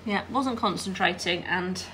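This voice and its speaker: A woman's voice: on the low side, a little slow, bright, forceful tone, a little hiss or hum. A woman giving a chatty hands-on quilting tutorial while she irons and sews, often checking in with her viewers. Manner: chatty, checks in with "all right?". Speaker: quilting teacher.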